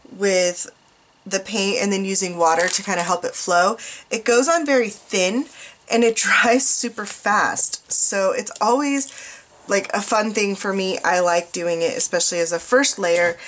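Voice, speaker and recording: Middle-aged American woman, casual art tutorial host, rambling and self-mocking, mid-pitched. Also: fairly bright tone, a little hiss or hum. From United States. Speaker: art journaling teacher. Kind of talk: casual craft tutorial narration.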